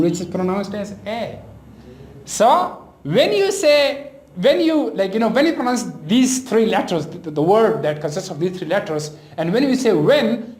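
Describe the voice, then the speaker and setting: A male teacher with a Pakistani English accent explains pronunciation patiently, often restarting with fillers. His pitch swings widely as he talks. The room has a noticeable echo. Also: a little hiss or hum. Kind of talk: classroom lecture. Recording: echoey room.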